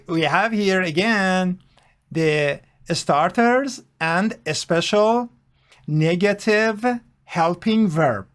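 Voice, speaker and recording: A man teaching grammar, speaking in a slow, repetitive, emphatic way with many fillers. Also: sits high. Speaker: English teacher. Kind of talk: grammar lesson explanation.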